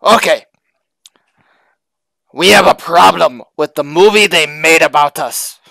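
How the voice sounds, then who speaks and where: Gravelly joking podcast co-host man. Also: a little high, unhurried, no room sound. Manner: joking, shouts bits loudly. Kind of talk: casual comedic podcast banter.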